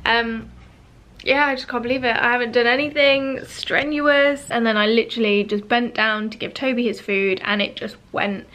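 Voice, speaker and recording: A woman's voice: a little high, fairly even intonation, moderate pace, a bit bright. A young woman from the UK talking to camera in a casual personal vlog, tired and sore from back spasms, chatty and rambling with lots of ums and small laughs. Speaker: vlogger.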